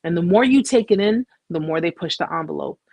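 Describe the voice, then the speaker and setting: A woman's voice: fairly low pitch, animated, a little fast, a little mellow, slightly rough, dry recording. A woman hosting a live chat, telling her own story with emphatic repetition and frequent "okay?" asides. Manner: emphatic, repeats phrases, asks "okay?". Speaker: host sharing a survivor story. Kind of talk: emotional personal storytelling.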